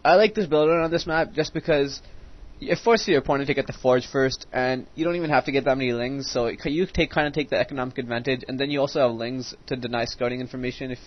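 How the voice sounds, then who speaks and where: A teenage boy talks over his own strategy match, swearing freely and wandering off on side stories before snapping back to the game. His voice sits at an ordinary middle pitch. The recording sounds dull and lo-fi. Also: fast talker. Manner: rambling, profane, easily sidetracked. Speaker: game commentator. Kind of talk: casual gameplay commentary.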